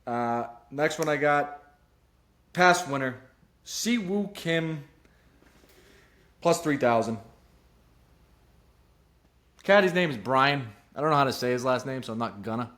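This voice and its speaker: A young man hosts a loose, rambling solo golf betting podcast, drifting between offhand jokes and his picks and often poking fun at himself, shifting from serious to goofy. His mid-range voice is expressive, unhurried and a bit bright, with long pauses.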